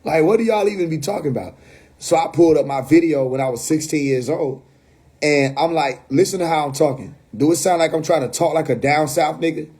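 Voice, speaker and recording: A man's voice: on the high side, steady tone, brisk, a little mellow, breathy edge. A man with a New York accent, ranting casually and bluntly on a phone livestream from home, cursing and laughing between points. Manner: blunt, profane, laughing asides. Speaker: livestream host.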